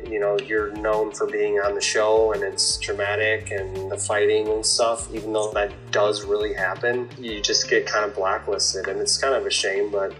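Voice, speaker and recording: A man's voice: fairly low pitch, level tone, moderate pace, hardly any pauses, fairly bright tone, faint music behind, poor audio. A man answering interview questions in a casual, rambling way, laughing between stories. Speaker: reality show guest.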